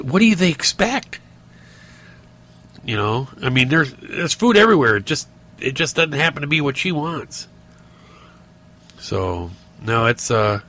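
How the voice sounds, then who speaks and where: In a bright, forceful, mid-range voice, a middle-aged podcast host delivers a casual monologue. He rants and tells rambling stories, restarting often and leaning on fillers.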